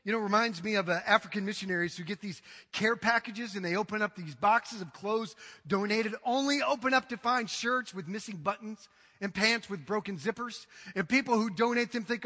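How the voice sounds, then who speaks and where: A man's voice: sits high, moderate pace, bright, forceful tone. A man preaching a sermon as pastor, emphatic and dramatic, often acting out quotes. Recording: reverberant hall.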